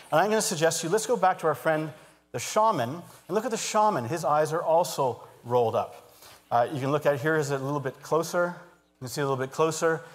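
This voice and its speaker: A man giving a live stage talk as a hypnotist, moving between calm trance suggestions and lively explaining to an audience. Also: a little high. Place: large auditorium stage. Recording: long hall reverb.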